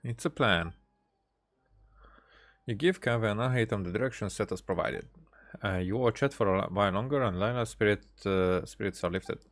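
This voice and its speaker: A man's voice: on the low side, moderate pace. A man commentating casually over a video game, chatty and rambling. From Hungary. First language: Hungarian. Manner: chatty, rambling with fillers and restarts. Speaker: let's-play gamer.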